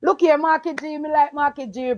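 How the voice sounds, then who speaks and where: A woman's voice: high-pitched, steady tone, a little fast, a little mellow, no room sound, highs cut off. A woman with a Jamaican Patois accent, calling in to talk politics, emphatic and repeating her points. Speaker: caller. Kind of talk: impassioned political call-in talk.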